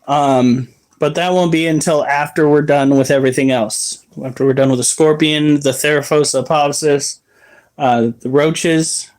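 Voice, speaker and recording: Young guy streaming about his pets, talks on and on, a bit high voice. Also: steady tone, normal speed, a little mellow. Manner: rambling, chatty, explains pet care. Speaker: exotic pet streamer. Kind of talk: casual live-stream chat.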